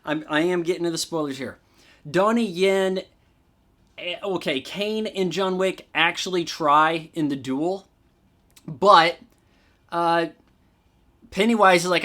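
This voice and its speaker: A man with a slightly higher voice reviews a film in a loose, sarcastic rant. He swears casually and mocks what he describes. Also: slow, long pauses, sharp tone. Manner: sarcastic, profane ranting. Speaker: movie reviewer. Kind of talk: casual spoken movie review.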